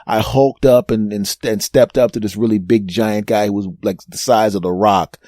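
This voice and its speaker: Mellow-voiced fifty-something comic storyteller. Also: male voice, lowish voice, normal speed, dry recording, clean studio sound. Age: 50s. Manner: animated, rambling, self-mocking, repeats words for emphasis. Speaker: podcast host. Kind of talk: comedic storytelling monologue.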